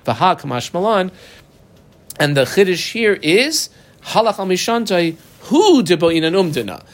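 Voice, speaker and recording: A man's voice: high-pitched, big pitch swings, moderate pace. Man teaching Talmud in a casual lilt. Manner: mixes Aramaic and Hebrew terms with casual English asides. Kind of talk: daf yomi Talmud lesson.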